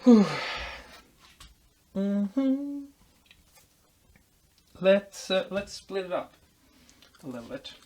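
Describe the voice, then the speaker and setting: A man's voice: high voice, sing-song, extremely slow, long pauses, warm tone. A man vlogging as he builds a guitar, explaining while he works, rambling and making self-deprecating jokes. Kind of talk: casual workshop tutorial chat.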